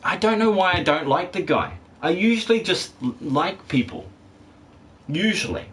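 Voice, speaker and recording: A man's expressive voice sits high and a bit bright, at normal speed, with a little hiss or hum. Streaming a video game, he reads chat and talks casually with viewers, rambling, joking, swearing and laughing often.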